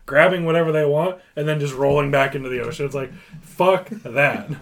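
A man co-hosting a podcast, telling stories in relaxed, profane casual chat. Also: fairly high pitch, brisk. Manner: laid-back storytelling, profane. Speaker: podcast co-host.

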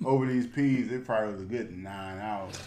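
A man with a fairly low voice talks slangy and animated as a podcast host, swinging into stories with a loose, easy delivery. The room around him has a noticeable echo. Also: a little fast. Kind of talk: casual chat.

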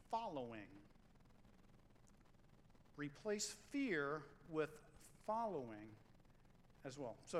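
A man preaching a sermon as pastor, in a conversational, animated way, acting out quotes and stories. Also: on the high side, long reverb tail, a little hiss or hum, low-quality recording.

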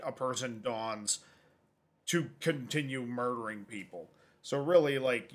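A man's voice: mid-range voice, fairly bright tone. A man co-hosting a film podcast, rambling casually with lots of "like" fillers and easy laughs. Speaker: podcast co-host.

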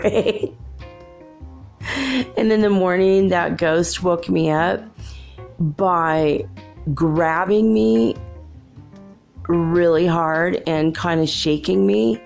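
A woman's voice: lowish voice, slow pace, vocal fry, pauses often, a little mellow, soft background music. A woman hosting a show, telling chatty, rambling stories in a casual monologue and laughing often. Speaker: show host.

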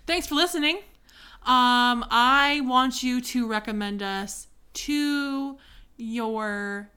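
Bright, bubbly young woman podcaster. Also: fairly high pitch, takes it slowly. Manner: bubbly, chatty, laughs often. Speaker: podcast co-host. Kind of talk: casual chat.

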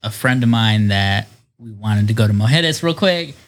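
A man's voice: lowish voice, expressive, normal speed. A young man chatting as a podcast guest, laid-back and a little hesitant. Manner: laid-back, hesitant, starts over often. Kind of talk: casual chat.

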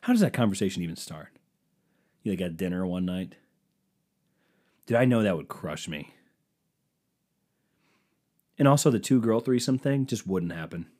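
A young man riffs alone on his comedy podcast, his pitch bouncing up and down as he rambles. He mocks himself and turns to an imaginary crowd for jokey asides. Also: animated, moderate pace, long pauses, dark tone. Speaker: podcast host. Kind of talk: solo comedic podcast rant.

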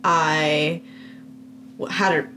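A young woman in her twenties speaks as a podcast guest, her voice on the lower side. She tells her story candidly and easily, with casual fillers. A faint noise runs in the background. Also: fairly even intonation, drawn-out words, bright, forceful tone. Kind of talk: casual conversation. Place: home basement podcast room.

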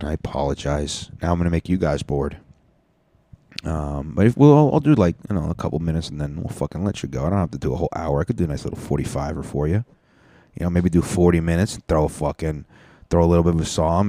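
Young male podcast host, very deep voice, dry close sound, loose and profane ramble. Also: warm tone, no room sound. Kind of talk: casual rambling solo podcast.

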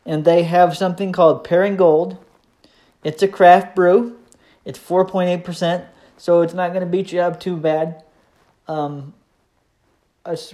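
A man's voice: a little high, darkish tone. A man hosting his own podcast, talking in a casual, easygoing solo monologue that rambles with frequent hesitations. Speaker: podcast host.

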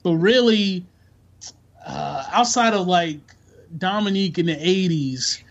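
A man's voice: high voice, a little slow, gravelly. A man chatting casually about sports on a podcast, laid-back and slangy, rambling from one thought to the next. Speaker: podcast co-host. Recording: dull lo-fi sound.

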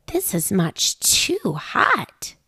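A woman voicing a hungry, tired little girl in a storybook reading, speaking slowly and drawn-out. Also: medium pitch, huge pitch swings, sharp tone, slightly rough, no room sound, exaggerated voice.

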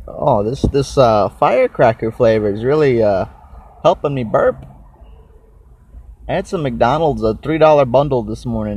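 A man's voice: medium pitch, darkish tone, slightly rough. A young man hosting a casual solo podcast, rambling and cursing while he chews and snacks on mic. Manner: rambling, swears a lot, chews and eats while talking. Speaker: podcast host.

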